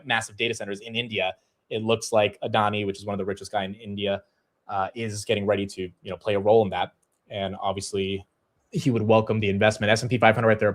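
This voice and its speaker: A man hosting a livestream, giving casual, energetic market commentary with many fillers. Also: mid-range voice. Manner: conversational, energetic, fillers like "you know". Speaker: stock market show host.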